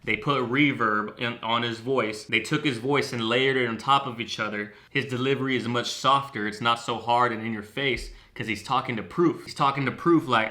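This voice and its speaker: A man's voice: medium pitch, normal speed, few pauses, pushed and bright. A man casually breaking down a song's lyrics as a music YouTuber, eager and swearing freely. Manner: enthusiastic, swears freely, reacts with hums and ooh sounds. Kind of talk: casual song breakdown commentary.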